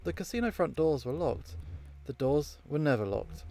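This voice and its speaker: A man's voice: a little high, lively intonation, normal speed, warm tone. Vera, a man reading a blunt noir casino woman. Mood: grim. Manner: dry, clipped noir storytelling. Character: hard-boiled 1950s casino woman, smoky and blunt.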